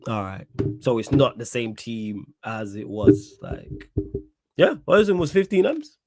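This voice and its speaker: A man's voice: medium pitch, big pitch swings, a little slow, heavy background noise. A man co-hosting a football podcast who talks in teasing, slangy banter. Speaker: podcast co-host. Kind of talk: casual football chat.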